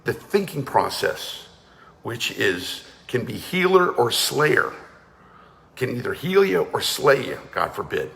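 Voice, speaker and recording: A man's voice: mid-range voice, very animated, slow pace, vocal fry, a bit bright, big-room sound. A man leading a guided energy and breathing class, talking firmly and urging listeners to join in. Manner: commanding, urges listeners to participate. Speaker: energy awareness coach.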